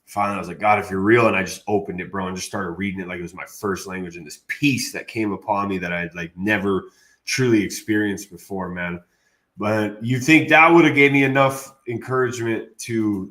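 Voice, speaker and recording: Dude telling a story on a podcast, kinda low voice, says bro constantly. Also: male voice. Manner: animated, slangy, says "bro" often. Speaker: interview guest. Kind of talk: casual storytelling.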